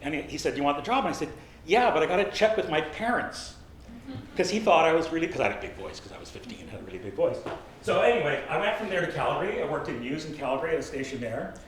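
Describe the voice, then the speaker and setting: A man's voice: fairly high pitch, very animated, rapid-fire. Older Canadian man, very echoey room. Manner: chatty, anecdotal, self-deprecating, polls the audience. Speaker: podcasting workshop presenter. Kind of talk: public talk to an audience. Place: library event room with an audience. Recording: very echoey room, light background noise.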